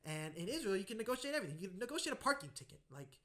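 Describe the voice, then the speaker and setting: Man, podcast host, rapid speech, slightly raised pitch, casual animated storytelling. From United States. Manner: animated, acts out quoted voices in anecdotes.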